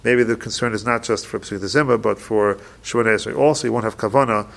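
A man teaching a halacha class, reading each Hebrew passage slowly and then explaining it in quick plain English. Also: fairly low pitch, fairly even intonation, gravelly, a bit bright. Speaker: Torah teacher.

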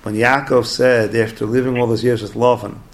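A man teaching a Torah class through animated, conversational storytelling. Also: mid-range voice, moderate pace.

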